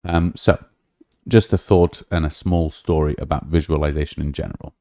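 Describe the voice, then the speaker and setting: Man, podcast host, very low voice, dark and mellow, dry close sound, rambling casual talk. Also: steady tone, moderate pace, no echo. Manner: rambling, many fillers and restarts.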